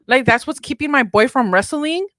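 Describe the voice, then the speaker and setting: Expressive young woman, laughing co-host. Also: high-pitched, normal speed, no room sound, clean studio sound. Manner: expressive, laughs often, playful. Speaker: podcast co-host. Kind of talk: casual chat.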